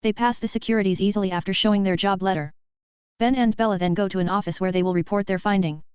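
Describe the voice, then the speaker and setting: A woman narrating a fanfiction novel as an audiobook in a steady, even reading. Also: medium pitch, quick pace, clear, resonant tone, dry recording. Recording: dull, lo-fi, dry sound.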